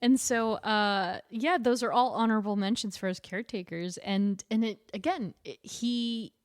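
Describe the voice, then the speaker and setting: A woman co-hosting a podcast, telling stories animatedly with quick laughs. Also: mid-range voice, dry recording, studio quality. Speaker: podcast co-host. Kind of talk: casual chat.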